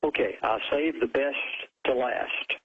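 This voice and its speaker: A male radio guest who speaks slowly and deliberately, giving emphatic warnings. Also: medium pitch, husky, narrow, tinny audio.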